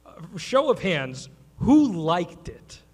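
A man hosting a live stage talk show, energetic and blunt, swearing casually. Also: sits high, slow. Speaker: host.

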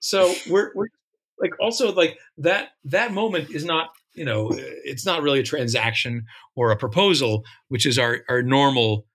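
A man who writes songs for musicals, telling backstage stories with animated delivery and laughing along as he tells them. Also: medium pitch, normal speed, breathy edge. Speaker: musical songwriter. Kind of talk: casual storytelling interview.

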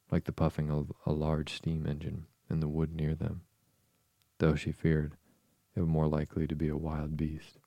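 A male narrator reads a storybook in an even, measured way. His voice is extremely low and flat, with a dark, gravelly tone. The recording is dry and close. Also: dry recording. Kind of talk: audiobook narration.

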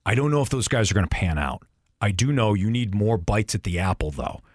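A man's voice: lowish voice, animated, a little fast, no echo, studio quality. A man hosting a sports talk show, arguing his points emphatically and repeating them for stress. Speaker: sports radio host.

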